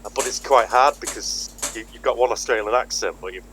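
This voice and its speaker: A man's voice: medium pitch, fairly quick, a bit bright, a little hiss or hum, low-quality recording. A man from Britain who runs a tabletop game, chatting in a rambling way and laughing often. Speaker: game master. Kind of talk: casual tabletop chat.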